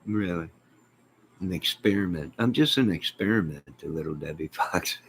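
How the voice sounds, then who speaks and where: Deep-voiced man rambling casually. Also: normal speed, gravelly, background noise. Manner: rambling, exasperated, talks back to chat comments. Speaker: YouTube live host. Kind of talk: rambling casual chat to viewers.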